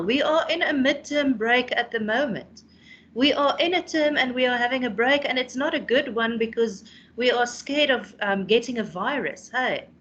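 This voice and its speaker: A woman's voice: on the high side, a bit bright. A South African woman teaching a class online, explaining a poem and often ending with "hey?".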